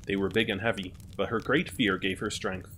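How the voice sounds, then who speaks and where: A man calmly narrating a fairy tale as a storyteller. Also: on the low side, normal speed, slight background noise.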